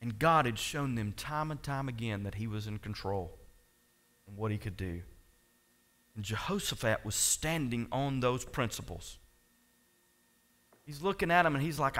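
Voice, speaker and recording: Pastor guy preaching to his church, bright ringing voice, goes quiet then booms. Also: normal speed, pauses often. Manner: preaching with big swings between soft and loud; talks directly to the congregation. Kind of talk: sermon.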